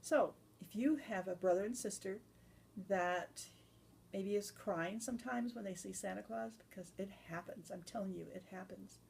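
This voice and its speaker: A woman's voice: mid-range voice, moderate pace, creaky, a little mellow, slight background noise. A woman telling an improvised story to children, loose and chatty with restarts.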